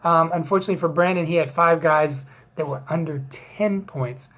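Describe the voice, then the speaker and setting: A woman's voice: low-pitched, normal speed, fairly bright tone. A woman hosting a fantasy football league recap, rambling and joking with crude asides and plenty of fillers. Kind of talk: casual joking sports recap.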